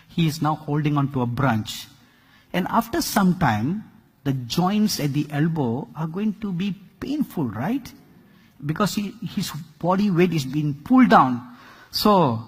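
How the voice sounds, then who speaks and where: A man delivers a storytelling sermon at a slow, deliberate pace, his voice a little husky and pitched somewhat high. His intonation rises and falls widely, with sudden swells in loudness. The recording rings with the long echo of a large hall. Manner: storytelling, dramatic swings in loudness, rhetorical questions. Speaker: preacher.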